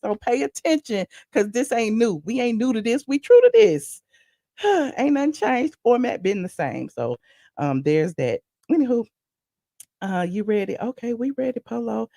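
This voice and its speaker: Woman, live-stream host, chatty and rambling, slight gravel, dry close sound. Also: on the high side, normal speed, dry recording. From Atlanta, USA. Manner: chatty, animated, rambling asides. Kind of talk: casual live-stream chat.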